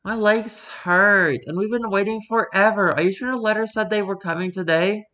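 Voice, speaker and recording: A man's voice: high-pitched, steady tone, normal speed, pushed and bright. A man doing a pleading little girl. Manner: childlike, pleading, small and breathy. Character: sweet little girl lost at a theme park.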